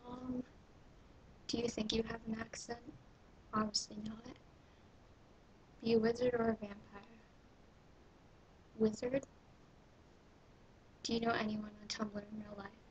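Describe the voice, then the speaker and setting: A young Canadian woman from Ontario with a fairly high voice, talking slowly and keeping her pitch flat. She reads prompts aloud from a small bathroom and answers them offhandedly, with a little faint hiss behind her. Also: rough recording. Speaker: vlogger. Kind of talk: casual vlog reading a questionnaire.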